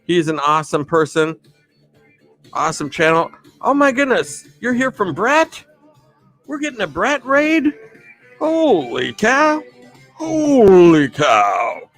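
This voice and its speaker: A man hosting a casual live stream, a bit tipsy, rambling cheerfully through shout-outs to his viewers, with music playing faintly behind. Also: high-pitched, sing-song, unhurried. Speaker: livestream host.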